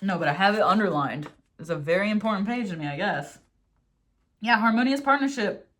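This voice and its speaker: A young adult woman giving a casual tarot reading, swinging between animated, swearing rants and soft, slow readings of affirmations from her card book. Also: mid-range voice. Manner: animated, swears freely, gets worked up then reads affirmations softly. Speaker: tarot reader.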